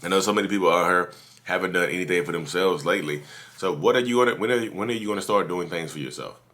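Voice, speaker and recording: A man's voice: sits low, fast talker, a bit bright, slight background noise. A man hosting a podcast, giving casual advice straight to his listeners from his office, repeating his points and calling them "y'all". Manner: repetitive, calls listeners "y'all", preachy. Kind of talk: casual direct-to-camera advice talk.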